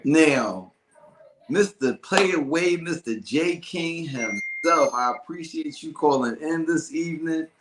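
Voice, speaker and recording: A man hosts a casual podcast, animated and full of slang. His voice sits a little high and sounds bright. The room around him has a noticeable echo. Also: takes it slowly. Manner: animated, laughing, loose slang. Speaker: podcast host.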